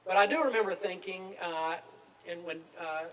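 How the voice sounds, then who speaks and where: A man's voice: sits high, normal speed, slight background noise. A man of around 60, speaking outdoors at a graduation and telling self-deprecating stories in an easygoing way. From Tennessee, USA. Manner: relaxed, anecdotal, self-deprecating storytelling. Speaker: commencement speaker. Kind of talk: outdoor commencement speech. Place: outdoor field at a graduation ceremony. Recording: distant speech with faint outdoor ambience.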